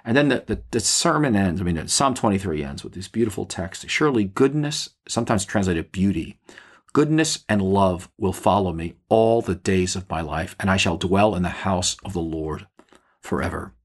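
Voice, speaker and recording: A man giving an earnest podcast devotional as a pastor, halting and restarting his phrases often. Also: deep voice, lively intonation.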